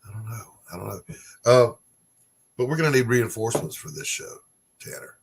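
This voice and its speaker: A middle-aged man hosts a podcast, chatting casually with his guests in a rambling, self-deprecating way. His voice is medium in pitch, creaky and husky, and he speaks fairly quickly.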